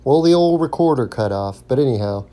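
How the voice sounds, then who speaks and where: A man's voice: medium pitch, animated, fairly quick, warm tone. A man hosting his own podcast as a stand-up comic, talking through a casual solo monologue with plenty of ums and restarts. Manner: rambling, lots of ums and restarts.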